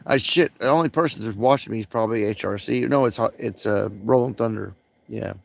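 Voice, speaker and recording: A man's voice: fairly low pitch, fairly quick, creaky. A man rambling profanely during a late-night livestream, with many fillers, smoking and coughing.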